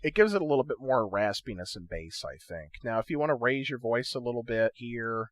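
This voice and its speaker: Speaking briskly with hardly any pauses, a man with an expressive medium-pitched voice runs a chatty screen-recorded tutorial on audio editing for his gaming channel. He keeps asking "okay?" and "right?", and there's no room sound.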